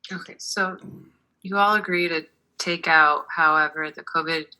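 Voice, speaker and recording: A woman's voice: sits low, steady tone, moderate pace, bright, forceful tone, low-quality recording. A woman chairing a board meeting, leading the discussion and putting questions to the group.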